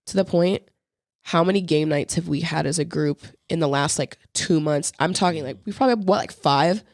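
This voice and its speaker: Gravelly young adult podcast co-host. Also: mid-range voice, a little fast, no room sound, studio quality. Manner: rambling, swearing, slangy, acts out quoted lines. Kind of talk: casual chat.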